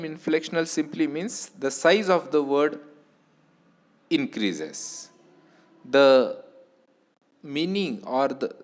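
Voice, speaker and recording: Slow, deliberate male lecturer with Indian accent. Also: a little high. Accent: Indian English. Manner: slow, deliberate teaching with repetitions. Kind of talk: recorded lecture.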